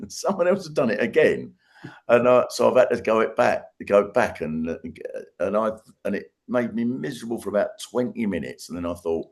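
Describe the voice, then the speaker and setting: A man, a guest, telling stories in casual chat, animated and laughing, with trailing restarts. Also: on the low side, normal speed.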